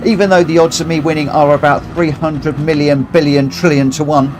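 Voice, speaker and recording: Brit male streamer, slightly high, slow and self-mocking, noisy game audio. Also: steady tone. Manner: chatty, laughs a lot, self-mocking. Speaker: streamer racing and chatting to viewers. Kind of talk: casual live-stream commentary.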